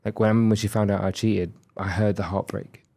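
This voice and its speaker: A man's voice: fairly low pitch, level tone, moderate pace, dark tone. A man in his thirties, a podcast guest, telling a candid, reflective personal story and acting out the dialogue he quotes.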